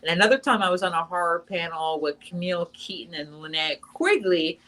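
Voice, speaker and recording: A woman's voice: fairly low pitch, brisk, a bit bright, poor audio. A young adult woman chatting casually in an interview as the guest actress, talking in long runs with lots of fillers and restarts.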